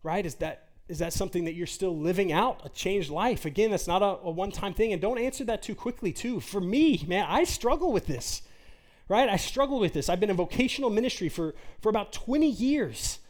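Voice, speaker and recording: A man's voice: high voice, animated, fairly quick, a little mellow. A man in his forties preaching an earnest, conversational sermon as a pastor, full of rhetorical questions.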